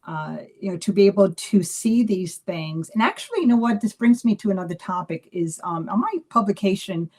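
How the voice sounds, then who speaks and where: A psychic medium chatting on a live video, telling animated stories with lots of restarts and fillers. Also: female voice, medium pitch, brisk, hardly any pauses. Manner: animated storyteller acting out dialogue. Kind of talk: casual live video chat.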